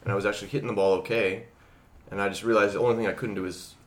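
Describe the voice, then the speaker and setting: A man's voice: fairly low pitch, steady tone, very fast. A man chatting casually as a guest, laid-back and hesitant, with many fillers. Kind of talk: casual chat.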